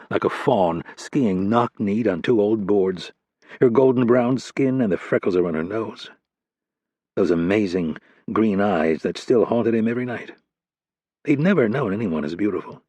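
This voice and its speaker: Husky low-voiced man narrating. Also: darkish tone, dry recording. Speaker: audiobook narrator. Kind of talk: scripted audiobook narration.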